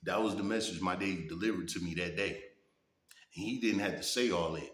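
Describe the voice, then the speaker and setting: A man's voice: low-pitched, a little fast, a bit bright. A man in his thirties telling stories in a blunt, profane way, a vlogger who often asks his viewers "you know what I'm saying". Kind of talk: casual storytelling monologue. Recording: echoey room.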